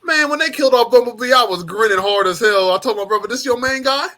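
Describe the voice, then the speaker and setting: A young man talking movies with friends in loose, slangy banter. His voice sits a little high, and he is blunt, often slipping into quick acted-out quotes. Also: expressive, crowd noise. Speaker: podcast panelist. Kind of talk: casual movie review chat.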